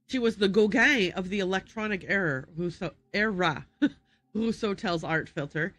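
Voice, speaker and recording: A woman streamer reading in-game documents aloud on a livestream, careful and unhurried, stopping to correct and reread her slips. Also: mid-range voice, a bit bright, no room sound.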